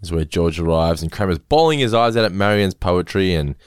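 Laid-back man, low voice. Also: lively intonation, a little fast, smooth, no room sound, clean studio sound. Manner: laughs often, swears casually, acts out quotes. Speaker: podcast co-host. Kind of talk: casual chat recapping a sitcom.

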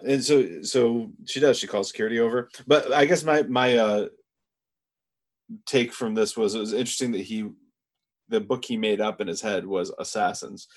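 A man with a fairly low voice talks through an episode recap in a relaxed podcast chat. He reads from his notes and keeps an easy, measured manner. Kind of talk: casual chat.

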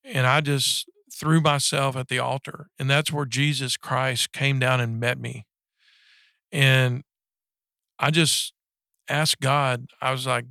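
A man in his forties giving a personal faith testimony in casual conversation, halting and earnest, with many restarts and fillers. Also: medium pitch, flat delivery, creaky, sharp tone, no room sound, clean studio sound. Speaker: guest sharing a faith story.

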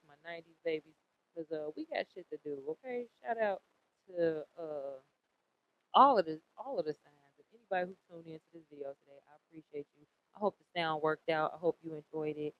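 A woman in her late thirties hosting a podcast, giving a casual tarot reading in a blunt, profane and animated way, often repeating herself. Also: fairly low pitch. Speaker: podcast host. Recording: dull lo-fi recording.

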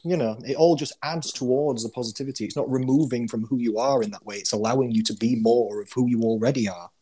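A man hosting a podcast, reflective and encouraging, with an average-pitched voice. He speaks in a measured way and affirms his guest often. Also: mellow, husky. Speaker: podcast host. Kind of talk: casual interview chat.

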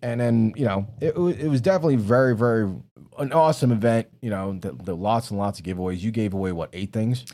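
A man's voice: fairly low pitch, quick pace, mellow. A man co-hosting a podcast in casual chat, telling stories in a profane, rambling way. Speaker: podcast co-host.

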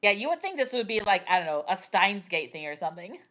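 Female co-host, animated pitch, wry and exasperated. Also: fast talker. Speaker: podcast co-host. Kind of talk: casual anime review chat.

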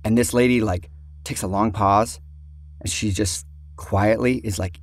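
A man's voice: on the low side, normal speed, breathy edge, faint music behind. A young man casually telling a story about a film shoot, acting out other people's lines.

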